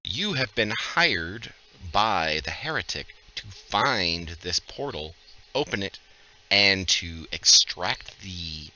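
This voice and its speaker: Male game master, lively, joking, sharp bright tone, dull lo-fi call audio. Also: low voice. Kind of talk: narrating a tabletop game.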